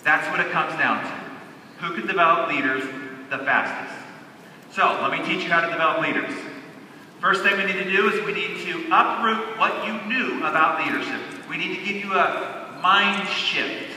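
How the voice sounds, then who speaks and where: A man's voice: sits high, pushed and bright, a little hiss or hum. A man giving a motivational convention keynote, stressing key words by drawing them out. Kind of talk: motivational stage speech. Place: large convention hall. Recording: echoey hall, heard from a distance.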